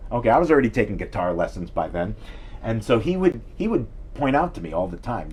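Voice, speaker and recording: Rambling live-stream host, middle-aged man, husky and lively, chatty digressive storyteller. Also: on the low side, fast talker. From New York City area. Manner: digressive storyteller, chatty, self-deprecating, reads viewer comments aloud. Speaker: livestream host.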